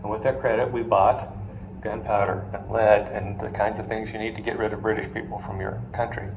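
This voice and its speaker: A man's voice: lowish voice, flat delivery, a little fast, phone-quality sound. A man lecturing to a live classroom, telling stories and putting questions to the students with jokey asides. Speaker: finance lecturer. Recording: roomy classroom with faint noise.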